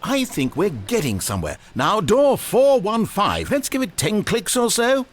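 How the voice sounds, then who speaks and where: Brief: a high, sweeping, manipulative video game narrator, theatrical. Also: male voice, huge pitch swings, measured pace, a little hiss or hum, full character voice. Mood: coaxing. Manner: theatrical, grandly encouraging. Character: disembodied male narrator, coaxing and manipulative.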